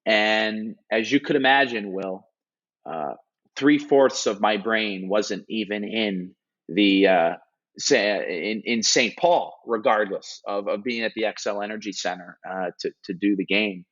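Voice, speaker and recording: Man telling an earnest story, low voice. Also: measured pace. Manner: earnest, animated retelling with many restarts and filler words. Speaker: hockey broadcast analyst. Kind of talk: interview storytelling. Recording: dull lo-fi audio.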